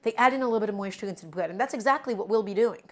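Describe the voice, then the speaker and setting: A cooking streamer with a New York accent talks very fast in a mid-range voice, faint music behind her, as she cooks live. Chatty and explanatory, she addresses viewers directly, often calling them "my friends," in a casual demonstration.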